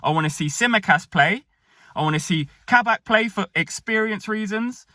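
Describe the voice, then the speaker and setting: A man's voice: high-pitched, expressive, sharp tone, dry recording, studio quality. A young man gives an opinionated, casual match review, often tagging his points with a questioning "yeah?". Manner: brisk, opinionated, tags lines with "yeah?". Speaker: football fan reviewer.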